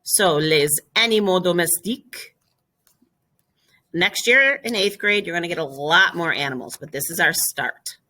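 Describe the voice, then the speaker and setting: A woman teaching a French vocabulary lesson, explaining step by step and repeating each word slowly and clearly. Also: lowish voice, expressive, sharp tone. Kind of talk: classroom lesson video.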